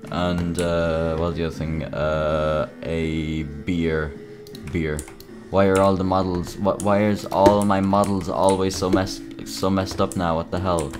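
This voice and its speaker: Low-voiced young man rambling over gameplay. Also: flat delivery. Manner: mumbly, halting, lots of fillers. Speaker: gaming video creator. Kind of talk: casual gameplay commentary. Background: game music.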